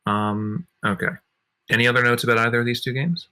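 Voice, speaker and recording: A man's voice: medium pitch, steady tone, a little fast, bright, forceful tone. A man hosting a casual gaming podcast panel, steering the turns and dropping dry asides. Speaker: podcast host.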